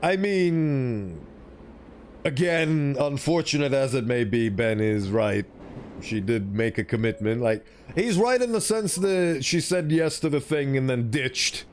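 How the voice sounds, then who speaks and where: A man's voice: medium pitch, a little slow, darkish tone, slight background noise. A man streaming as a VTuber, reading a visual novel aloud expressively and breaking off for casual, swear-laced asides.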